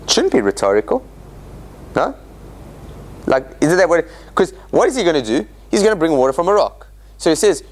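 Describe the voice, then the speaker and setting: A man's voice: fairly high pitch, a little fast, pauses often. A man teaching a Torah study class in an informal lecture, acting out quotes and restarting often. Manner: animated, acts out quotes in dramatic voices, many restarts. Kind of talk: informal Bible study lecture with questions to the audience. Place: meeting room of a church centre.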